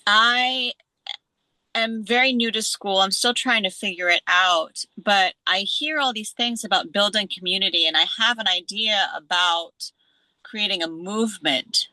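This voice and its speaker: Bright-voiced woman, hesitant and dry. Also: mid-range voice, measured pace, no echo, rough recording. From California. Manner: hesitant, searching for words. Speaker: call participant. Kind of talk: introducing herself on a video call. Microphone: video call.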